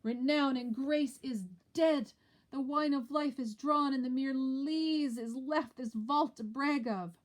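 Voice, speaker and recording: A woman's voice: high voice, slow, pitched above the performer's own voice. A woman reading aloud as a guilty lord who puts on grief, in a solemn, declaiming way. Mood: mock grief.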